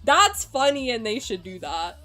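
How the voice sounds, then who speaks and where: A woman streamer casually chatting with her viewers and reacting to their comments. She is excitable, swears freely and laughs often. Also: fairly high pitch, measured pace, soft background music.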